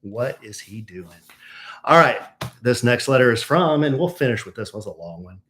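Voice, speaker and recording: Animated playful man. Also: medium pitch, a little fast. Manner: playful, reads listener letters aloud. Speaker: podcast co-host. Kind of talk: casual chat.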